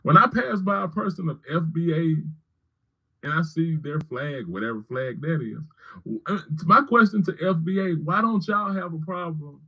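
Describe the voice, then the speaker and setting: A man's voice: on the high side, muffled recording. A man giving heated political commentary on a livestream, arguing with viewers by name and repeating his points. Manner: argumentative, repeating phrases, addressing commenters by name.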